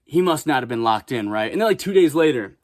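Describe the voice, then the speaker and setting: A young man from Chicago tells a story in a relaxed, slangy way, cursing often. His pitch sits in an ordinary middle range. The sound is dry and close, with no room around it. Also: fast, no room sound. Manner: animated, acts out quotes in raised voices, swears freely. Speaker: vlogger. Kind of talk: casual storytelling.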